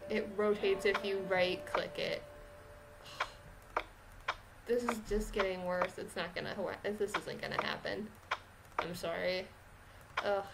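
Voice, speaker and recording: Woman gamer, casual frustrated chat, home mic with clear hiss. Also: mid-range voice. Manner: frustrated, sighing, rambling. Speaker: let's-play gamer.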